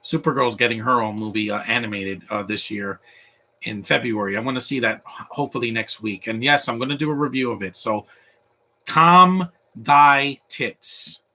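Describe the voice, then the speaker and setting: Man doing loose live commentary over a cartoon: gravelly tone, offhand jokes, rambling asides. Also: lowish voice, brisk, bright, forceful tone. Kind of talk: live watch-along commentary.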